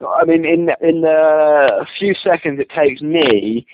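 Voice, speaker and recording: A man's voice: a little high, slow. A man in a casual argument, defensive and stammering with many restarts. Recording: tinny phone-like line, faint hiss.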